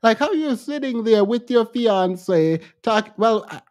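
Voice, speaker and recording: Animated male co-host, lively pitch. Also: measured pace. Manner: animated, exasperated commentary with sudden pitch jumps. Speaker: podcast co-host. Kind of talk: casual commentary chat.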